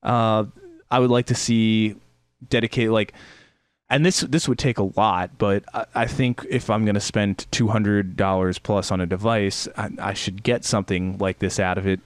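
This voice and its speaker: Smooth low-voiced man reviewing a gadget. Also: steady tone, moderate pace, no echo. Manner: rambling, hesitant with many fillers and restarts. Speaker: podcast co-host. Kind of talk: casual chat, product review.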